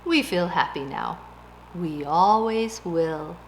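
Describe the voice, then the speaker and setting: A pair of contented talking stones, put on by a woman reading aloud speak in a slow, sing-song storybook way. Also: lowish voice, expressive, reverberant, slight background noise, voice pushed down, low-quality recording. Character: simple contented hillside stones.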